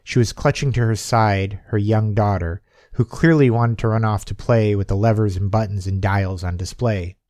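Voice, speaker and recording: A man's voice: on the low side, fairly even intonation, moderate pace, a little mellow, no room sound, clean studio sound. A man reading a short story as an audiobook narrator, giving the characters' lines a lifted, livelier delivery. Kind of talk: scripted narration.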